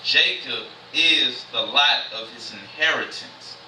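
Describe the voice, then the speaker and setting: A man giving a casual sermon in church, reading scripture slowly and then explaining it in loose everyday slang. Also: medium pitch, sharp tone, recorded from a distance, a little hiss or hum. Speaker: church speaker. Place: church sanctuary. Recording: echoey church room, mic from afar.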